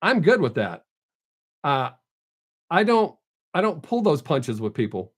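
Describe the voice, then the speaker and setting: Male streamer, high voice, blunt and unfiltered, casual chat with viewers. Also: big pitch swings, measured pace. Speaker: live streamer.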